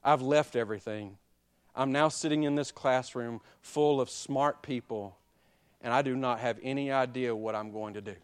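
A man, preaching a sermon that moves between quiet personal confession and loud, emphatic exhortation. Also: mid-range voice, moderate pace, clear, resonant tone. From Alabama. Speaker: pastor.

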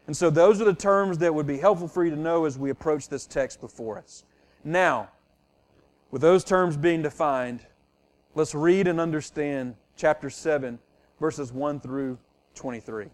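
A man's voice: a little high, normal speed. A middle-aged male pastor preaching a sermon, teaching earnestly and repeating key phrases for emphasis.

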